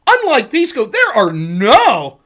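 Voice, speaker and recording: A man's voice: very high-pitched, wildly swooping pitch, takes it slowly, a bit bright. A man hosting a livestream, ranting in a sarcastic, profane way. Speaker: streamer host.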